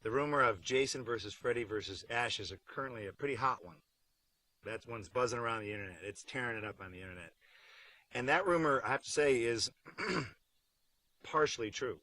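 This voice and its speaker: A middle-aged actor in a behind-the-scenes interview, joking wryly with deadpan asides. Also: male voice, medium pitch, brisk, no room sound, rough recording. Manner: acts out silly voices mid-story.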